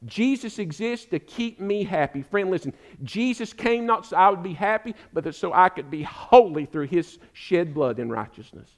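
A man's voice: sits high, lively intonation, moderate pace, hardly any pauses. An older man preaching a sermon as pastor, exhorting emphatically and calling listeners "friend.".

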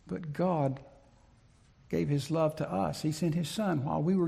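A man preaching a sermon in an emphatic, deliberate way, repeating his key phrases, with a gravelly, husky voice. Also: fairly high pitch, fairly even intonation, mellow. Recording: long reverb of a large hall.

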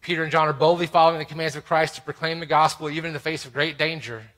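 A man preaching a sermon, swinging between loud exclamations and quiet, intimate asides. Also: fairly high pitch, fairly even intonation, very fast. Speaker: pastor.

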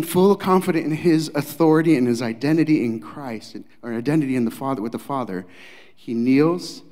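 A male pastor preaching a dramatic sermon, acting out scenes, swinging from loud to hushed. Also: medium pitch, long reverb tail.

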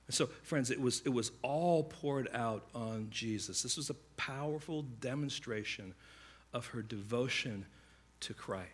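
A man preaching a sermon, telling stories in a conversational way and acting out the voices of the people in them. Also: mid-range voice. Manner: conversational, animated storytelling with quick asides; acts out quoted voices. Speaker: pastor.

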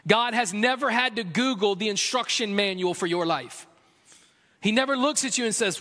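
A male pastor delivering a sermon in a large church. His voice sits high, and his delivery is earnest and chatty with a playful streak. A long reverb hangs behind him. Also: normal speed, pushed and bright. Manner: earnest and conversational, with a playful humor.

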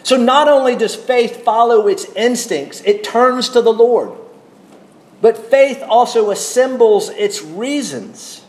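A man preaching an expository sermon, with a measured, emphatic delivery and deliberate pauses. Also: very high voice, animated, darkish tone, echoey room.

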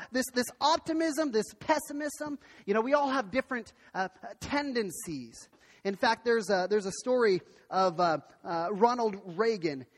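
A man preaching a sermon as pastor, telling a story in an animated way, often restarting his sentences. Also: extremely high pitch. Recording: long hall reverb.

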